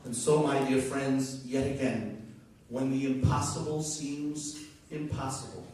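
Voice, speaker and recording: Rabbi speaking in an echoey hall. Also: male voice, mid-range voice, a little slow, distant mic. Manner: animated storytelling, rising emphasis. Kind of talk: gala keynote speech. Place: large banquet hall.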